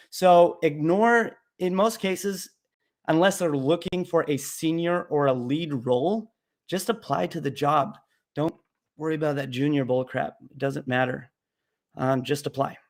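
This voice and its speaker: A young man runs a casual live Q&A about learning to code. He answers bluntly, cracks jokes, and rambles a bit with ums and uhs, in a voice pitched a little above the usual male range. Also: measured pace. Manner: blunt, joking, rambling with fillers. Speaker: livestream host answering coding questions.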